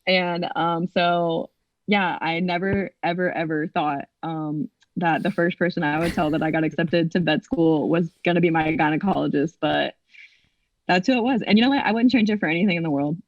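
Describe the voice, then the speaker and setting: Woman, 20s, podcast co-host, animated storyteller, filler-heavy, dull dry recording. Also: fairly low pitch, normal speed, no room sound. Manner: animated, acts out quotes, many fillers. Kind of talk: casual storytelling.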